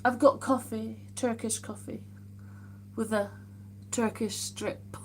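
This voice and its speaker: A woman's voice: a little high, steady tone, slow, a little hiss or hum. A woman hosting a casual live stream from home, reading viewer comments aloud and reacting with amused exclamations. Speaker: livestream host.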